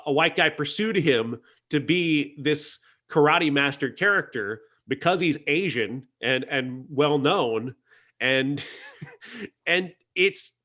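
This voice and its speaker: A man's voice: fairly high pitch, bright, forceful tone. A man reviewing a film on a podcast, talking earnestly and casually, with frequent restarts and self-corrections. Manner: earnest, hesitant with many restarts.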